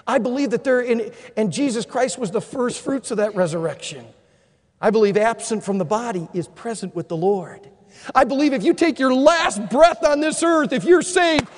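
Pastor, male, very high pitch, fervent sermon delivery, booming church hall echo. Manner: impassioned preaching, rising to shouts. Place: large church auditorium. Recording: long reverb of a large hall.

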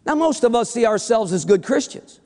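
A man preaching a sermon, animated and joking, firing rhetorical questions at his congregation. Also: very high voice, a little fast. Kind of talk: sermon with humorous stories. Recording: long hall reverb.

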